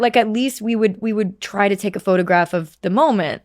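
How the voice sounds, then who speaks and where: Young woman, podcast guest, animated storyteller, swears casually, dry close sound. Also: medium pitch, a little fast, dry recording. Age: 20s. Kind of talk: casual chat.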